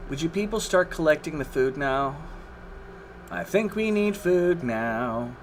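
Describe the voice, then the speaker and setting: A man's voice: a little high, slight background noise. A man commentating his own gameplay on a live stream, exasperated, swearing and groaning at the game.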